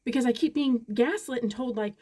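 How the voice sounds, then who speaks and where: A mother in her forties ranting casually to the camera, exasperated and retelling conversations in quick bursts. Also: on the high side, dark tone. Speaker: parent vlogger. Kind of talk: frustrated casual rant to camera.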